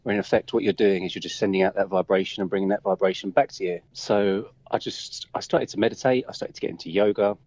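Fast-talking Kent man on a dull line. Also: deep voice, no room sound. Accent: Kent, England. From England. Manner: relaxed, rambling, with frequent ums. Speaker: guest. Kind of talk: casual interview chat.

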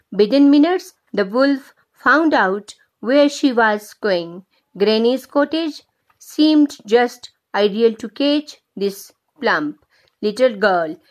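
A woman narrating a children's story in a gentle, measured way. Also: fairly high pitch. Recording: slightly dull lo-fi recording.

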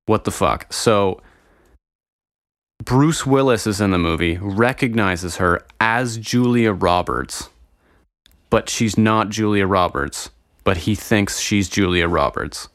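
A man's voice: fairly low pitch, clean tone, no room sound, studio quality. A young man chatting casually and profanely to his viewers, rambling and getting sidetracked as he talks. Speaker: vlogger. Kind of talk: casual solo chat to viewers.

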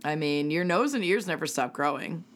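A woman's voice: low-pitched, animated, normal speed, slight background noise. A woman co-hosting a podcast, telling a crime story in a casual way, swearing freely and adding her own asides. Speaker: podcast co-host telling a case.

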